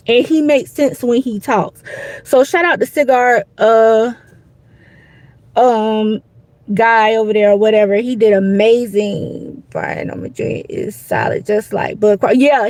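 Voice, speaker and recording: This clip has the same female boxing-show host talking live in a relaxed, meandering way, full of "you know what I'm saying." She sounds slightly high and somewhat mellow, with no echo but a rough quality to the audio.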